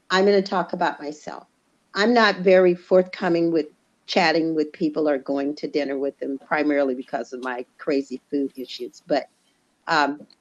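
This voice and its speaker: Emphatic woman, dull lo-fi sound. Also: on the low side. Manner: animated, emphatic, voice jumps up for stress. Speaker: church member guest. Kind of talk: casual conversation.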